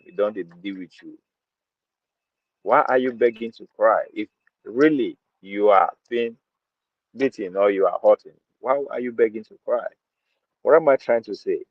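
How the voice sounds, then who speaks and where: A man's voice: lowish voice, moderate pace, dry recording. Emphatic Nigerian man on a dry lo-fi mic. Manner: emphatic, mixes in Pidgin, repeats phrases. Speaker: podcast host. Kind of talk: opinionated commentary. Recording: dull lo-fi dry sound.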